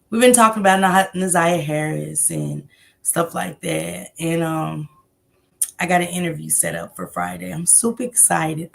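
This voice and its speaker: Gravelly low-voiced woman livestreaming. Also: a bit bright. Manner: greets chat viewers by name between loose, rambling commentary. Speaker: livestream host. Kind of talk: casual livestream chat.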